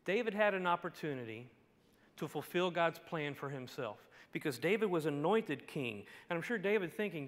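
A man with a high voice preaches a sermon and tells the story with drama, dropping to a hush and then rising to a shout. His voice rings out in a church sanctuary with a long reverb tail. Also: animated, moderate pace. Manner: dynamic storytelling, swinging from hushed to shouting. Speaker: pastor. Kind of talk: expository sermon.

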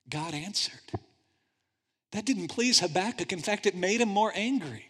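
High-voiced animated male pastor. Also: moderate pace. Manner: animated storytelling, swinging from hushed to loud. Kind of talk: sermon. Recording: long church-hall reverb.

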